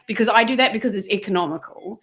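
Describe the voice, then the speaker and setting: A woman, a stage performer co-hosting a casual chat, talking quickly and animatedly with many fillers. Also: mid-range voice, a bit bright, slightly rough. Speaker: actor and podcast co-host.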